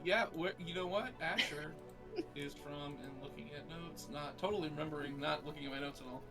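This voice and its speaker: A man narrating as game master in a tabletop game, talking in halting bursts with many restarts. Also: on the high side, music in the background.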